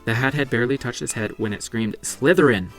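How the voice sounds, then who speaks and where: A man reading a children's novel aloud for a library book club, brisk with small slips and restarts. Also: medium pitch, steady tone, fairly bright tone, faint music behind.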